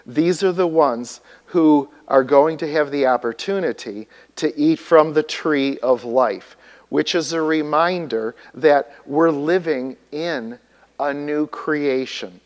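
A man's voice: a little high, slow pace. A man preaching a sermon, teaching in an explanatory way and putting questions to the congregation. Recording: long hall reverb.

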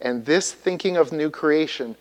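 Male preacher, slightly raised pitch, questioning teacher's delivery, reverberant sanctuary sound. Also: a little slow. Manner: teacherly, asks the congregation questions. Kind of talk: sermon. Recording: long hall reverb.

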